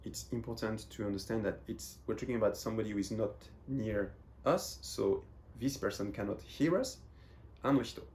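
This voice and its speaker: Low-voiced man from France teaching a lesson. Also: brisk, a little mellow, slight background noise. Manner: patient, repeats phrases while explaining. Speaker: Japanese teacher. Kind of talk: explaining lesson.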